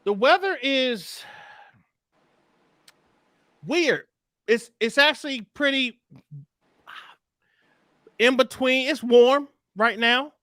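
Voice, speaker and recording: A man with a very high, bright voice hosts a live stream in a relaxed, slangy way. He greets viewers one after another, and the sound is close and dry with no room echo. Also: very slow, pauses often. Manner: laid-back, chatty, slangy shout-outs. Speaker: livestream host.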